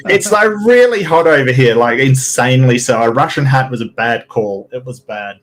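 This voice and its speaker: Joking man, animated pitch, crowd noise behind. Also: moderate pace. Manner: joking, self-deprecating. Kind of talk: casual livestream chat.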